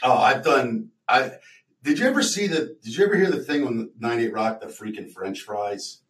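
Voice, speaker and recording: A man around fifty in casual chat, telling animated stories and swearing freely. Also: medium pitch, normal speed. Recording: roomy, mic at a distance.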